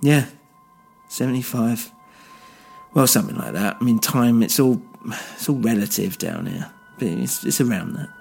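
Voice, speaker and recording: A man's voice: medium pitch, vocal fry, darkish tone, soft background music, close to an everyday voice. A man voicing a bitter, weary male police officer who rambles and swears in a single-voice audio drama. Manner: rambling, halting, crude.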